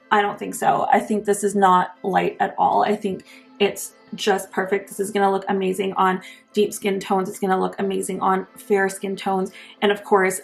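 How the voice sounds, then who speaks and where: Young female beauty vlogger, casual and enthusiastic, heavy vocal fry. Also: medium pitch. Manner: gushing and enthusiastic. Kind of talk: casual makeup review.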